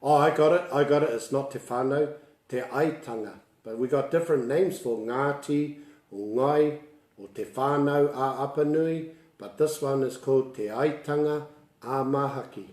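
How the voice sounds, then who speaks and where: Mellow New Zealand man teaching te reo. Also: medium pitch, moderate pace, echoey room. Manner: chatty, laughs often, mixes in Māori words. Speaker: Māori language tutor. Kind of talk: casual livestream lesson with storytelling.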